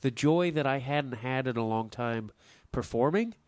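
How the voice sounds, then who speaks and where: A man's voice: medium pitch, normal speed, a little mellow, no room sound. A man, a comedian, talking candidly and with swearing on a podcast while stuffed up with a cold. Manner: candid, profane. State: stuffy nose. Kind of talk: casual podcast chat.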